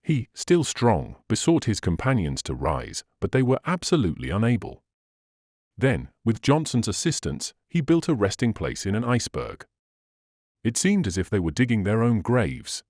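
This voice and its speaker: A man narrating a classic adventure novel as an audiobook reader, in an expressive, measured way. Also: lowish voice, no room sound, studio quality. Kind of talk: scripted narration.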